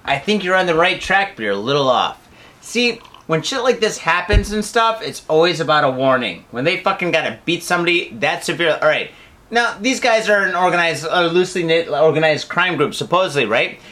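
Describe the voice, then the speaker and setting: A brash male podcast host in loose, profane chat. His voice sits high and rings bright and forceful. He riffs freely and swears constantly. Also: expressive, brisk. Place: living in Japan.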